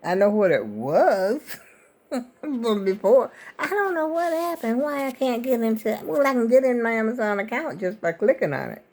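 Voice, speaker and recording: A woman's voice: a little high, sing-song, normal speed, darkish tone. An older woman vlogger, rambling in casual chat to her viewers. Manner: rambling, chatty, talks to viewers as y'all.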